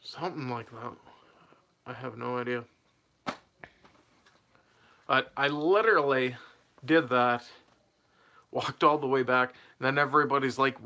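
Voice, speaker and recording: Young man, casual storytime, bright clear voice, rambling, chuckles between sentences. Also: medium pitch, unhurried, long pauses. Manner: rambling, laughs mid-sentence, loses his train of thought. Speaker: vlogger telling a personal story.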